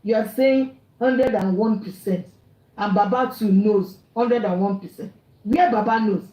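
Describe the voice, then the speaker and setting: Medium in pitch and mellow, this woman's voice moves a little slowly through an angry rant. She's an online commentator with a Nigerian accent, scolding in English, Pidgin and Yoruba, captured in poor, echoey audio.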